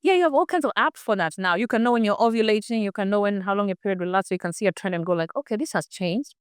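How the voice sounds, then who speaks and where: Fast-talking middle-aged woman explaining health. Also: mid-range voice, clear, resonant tone, dry recording, clean studio sound. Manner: explains with everyday examples and acted-out inner dialogue. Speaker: health expert guest. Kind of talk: conversational interview.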